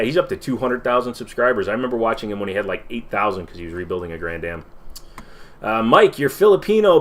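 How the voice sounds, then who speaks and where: A man hosting a casual livestream Q&A, rambling and swearing as he reacts to viewer comments. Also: on the low side. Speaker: livestream host.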